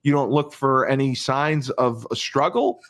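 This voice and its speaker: A man's voice: mid-range voice, fairly even intonation, a little slow, a bit bright. A male podcast host retelling a crime case in casual talk, emphatic, repeating phrases and restarting often.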